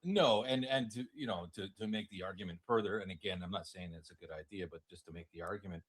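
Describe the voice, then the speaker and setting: A man's voice: deep voice, fast, husky, low-quality recording. A man co-hosting a livestream, talking bluntly and with profanity, backing up the host. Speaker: guest co-host. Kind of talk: heated commentary chat.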